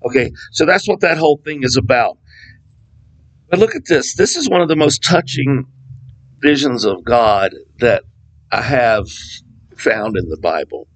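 A man teaching from the Bible in a loose, conversational way, wandering into asides before reading passages aloud. His voice sits in an ordinary middle pitch with a gravelly, fry-laden edge. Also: lively intonation, measured pace, pauses often, low-quality recording. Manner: conversational, digressive, reads scripture aloud. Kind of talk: casual Bible study teaching.

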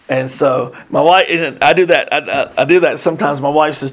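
A man's voice: mid-range voice, brisk. A middle-aged man teaching a casual sermon, reading scripture and adding joking, chatty asides. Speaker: Bible teacher.

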